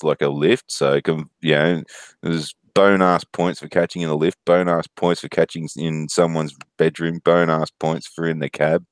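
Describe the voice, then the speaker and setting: On a laid-back stream, an Australian guy in his thirties swaps crude, laugh-filled stories. His voice sits low, and the audio is clean without any echo.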